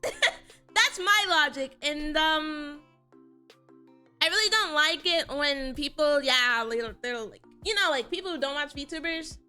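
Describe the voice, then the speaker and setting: Young woman vtuber chatting on stream, high voice, slow and laughy, lil music behind. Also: sharp tone. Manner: laughs often, emphatic, answers chat. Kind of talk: casual live-stream chat.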